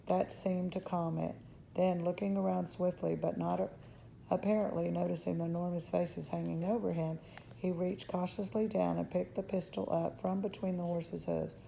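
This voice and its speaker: A woman reads a children's chapter book aloud in a steady storytelling manner. Her voice is low, mellow and heavily gravelly, and she sometimes trips over a word. Faint noise sits behind her. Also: moderate pace, poor audio. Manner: steady storytelling, slips on words. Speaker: reader. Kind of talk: reading a children's novel aloud.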